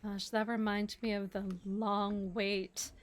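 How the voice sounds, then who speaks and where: A woman hosting a casual gaming stream and chatting with her co-op partner, giggly and relaxed. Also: medium pitch, takes it slowly. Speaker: streamer and host. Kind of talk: casual chat while gaming.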